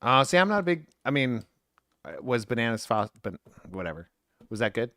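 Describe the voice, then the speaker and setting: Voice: mid-range voice, sing-song, fairly quick, bright, forceful tone, no echo, studio quality. A podcast co-host in casual chat, teasing and bantering playfully.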